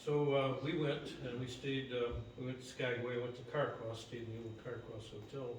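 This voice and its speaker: A man's voice: medium pitch, level tone, background noise. Older man telling a story, echoey hall. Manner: unhurried, many "uh" pauses. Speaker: speaker at a memorial gathering. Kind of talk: personal storytelling to an audience. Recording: echoey hall, mic from far off.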